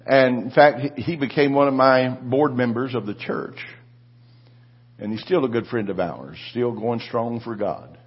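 A husky-voiced man in his seventies preaches to his congregation, telling a story and then climbing into shouted declarations. His pitch sits in an ordinary middle range. The recording is muffled and lo-fi. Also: measured pace. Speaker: pastor. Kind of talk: sermon.

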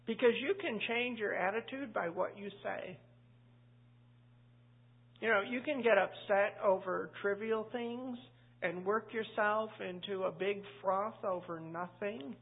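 A woman pastor leads a Bible study in a relaxed, chatty way and keeps drifting into little stories and asides. Her voice is gravelly and husky. The sound is thin and tinny, like a phone line. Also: medium pitch, normal speed. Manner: chatty and anecdotal, full of asides. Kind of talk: conversational Bible study teaching.

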